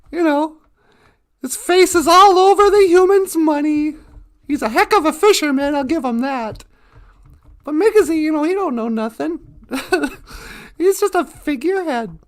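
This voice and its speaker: A man's voice: extremely high pitch, expressive, unhurried, pauses often. A man voicing a sly male fox who steals eggs and teases his friends in a brash, chatty way. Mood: teasing. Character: sly joking male fox, egg thief.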